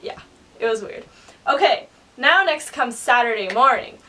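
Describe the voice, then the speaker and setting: A young woman vlogger telling an excitable storytime, acting out quotes in high squeals. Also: moderate pace, distant mic. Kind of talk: storytime vlog.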